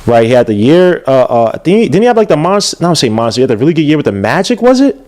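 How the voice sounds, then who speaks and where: A loose, animated man, chatting casually on a sports podcast. His speech swings between excited outbursts and muttered asides as he checks things on the fly. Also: on the high side, very fast. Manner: loose and animated, swears, looks things up on air. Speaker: podcast host.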